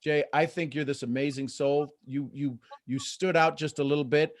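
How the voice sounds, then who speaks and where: A middle-aged man hosting a live motivational coaching call, lively and acting out quoted voices. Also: on the high side, moderate pace. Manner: animated, acts out quoted voices. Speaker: host and coach.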